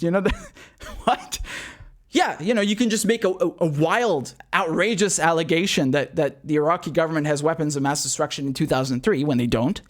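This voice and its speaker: A young man hosting a casual political commentary show. He talks in an animated, sarcastic way, laughs often and repeats himself. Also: a little high, fairly quick.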